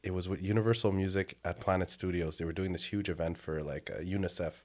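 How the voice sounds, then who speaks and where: Low-voiced young man telling lively stories. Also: quick pace. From Quebec, Canada. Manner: animated storyteller, acts out quotes, laughs often. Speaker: music producer, guest. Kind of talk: casual podcast chat.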